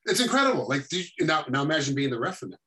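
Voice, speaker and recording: A man talks quickly in a bright, forceful voice, playing out ringside moments as he tells them. He is a guest and a referee in a casual interview. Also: on the high side. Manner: animated storytelling that acts out fight scenes. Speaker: guest, MMA referee and former fighter.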